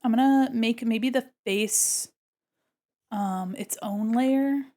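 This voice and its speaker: A woman's voice: a little high, takes it slowly, dark tone. A woman livestreaming while she draws, chatting playfully and talking through each step of her work. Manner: chatty, narrates her own actions, playful. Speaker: livestreaming artist. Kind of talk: casual chat while drawing.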